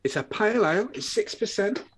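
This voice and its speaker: Lively british man co-hosting. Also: high-pitched, fairly quick, husky. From United Kingdom. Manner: animated storyteller, swears, breaks into laughs and put-on voices. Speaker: co-host. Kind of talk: casual banter on a live show.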